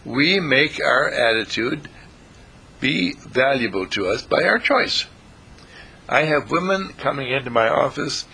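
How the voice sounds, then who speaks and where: Brief: male counselor lecturing, animated and gravelly, husky edge. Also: medium pitch. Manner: lively, asks the audience questions, acts out quotes. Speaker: counselor giving a talk. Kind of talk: motivational lecture to a live audience.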